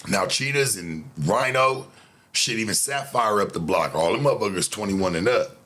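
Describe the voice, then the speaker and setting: A man's voice: fairly low pitch, animated, moderate pace, pushed and bright. Laid-back profane man telling stories. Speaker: show host. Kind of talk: casual storytelling monologue.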